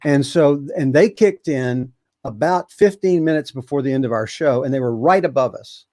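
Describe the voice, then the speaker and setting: Older man telling a halting story. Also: medium pitch, a little mellow, no echo. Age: 70s. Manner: rambling, halting storyteller with many fillers. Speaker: guest. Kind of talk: casual storytelling.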